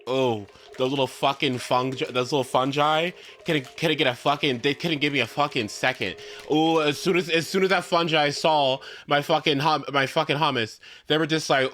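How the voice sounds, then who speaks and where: A man's voice: on the high side, moderate pace, a bit bright. A man hosting a live stream in casual chat from his home setup, ranting in exasperation with frequent swearing and stammered restarts. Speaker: livestream host.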